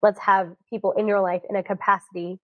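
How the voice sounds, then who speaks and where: A woman giving frank, animated self-help advice in a casual monologue, acting out quoted voices. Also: mid-range voice, brisk, dry recording. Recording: dry, tinny phone-like sound.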